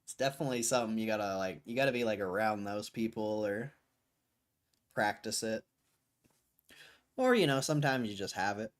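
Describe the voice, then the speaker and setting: A man's voice: on the low side, moderate pace, long pauses. A man hosting a livestream, chatting casually in a laid-back way with loose slang and frequent chuckles. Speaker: livestream host.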